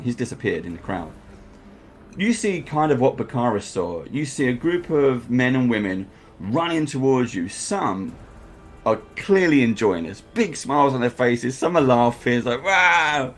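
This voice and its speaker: A man's voice: mid-range voice, big pitch swings, moderate pace, breathy edge. A man narrating as game master, acting out crowd noises and sound effects.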